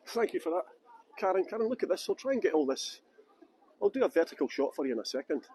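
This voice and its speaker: A man's voice: sits high, sing-song, fast, a little mellow, slight background noise, poor audio. A man with a Scottish accent, guiding a live-streamed walking tour outdoors, chatting and joking with viewers through a handheld phone. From England. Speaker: tour guide. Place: outdoors in castle grounds.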